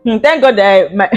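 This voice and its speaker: A young woman with a Nigerian English accent tells a personal story straight to camera, lively and full of laughter. She drops Pidgin slang in as she talks, and her pitch sits in the middle of a woman's range. Soft music plays faintly underneath. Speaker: vlogger. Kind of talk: casual storytelling.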